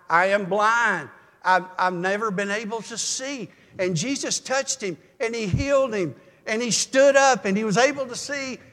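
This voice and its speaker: Older male pastor in a reverberant church. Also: high-pitched. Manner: folksy storytelling, calm and measured. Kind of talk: sermon.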